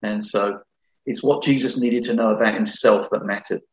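Speaking at normal speed with fairly even intonation and a lowish voice, a middle-aged male pastor gives an earnest, conversational sermon, frequently starting phrases over. The sound is slightly dull and echoes like a hall.

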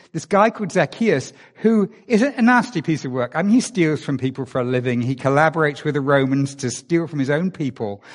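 A man from England, preaching a conversational sermon and asking his listeners many rhetorical questions. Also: sits high. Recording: long reverb of a large hall.

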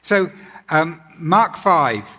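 A man preaching a sermon in an earnest, gentle way, often pausing with ums and restarting his sentences. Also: on the high side, animated, slightly rough. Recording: long hall reverb.

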